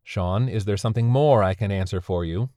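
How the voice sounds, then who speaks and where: A man's voice: lowish voice, brisk, warm tone, no echo, lightly acted. A man voicing a sardonic woman who captains an underworld ferry, speaking in a dry, weary, matter-of-fact way.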